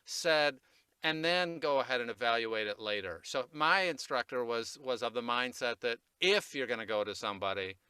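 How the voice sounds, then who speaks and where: Casting note: man, voice coach, bright and crisp, loose rambling talker who laughs at himself, dry close mic. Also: medium pitch, no room sound. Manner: rambling, self-deprecating, quick to laugh. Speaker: voice recording coach, guest. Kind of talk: casual podcast conversation.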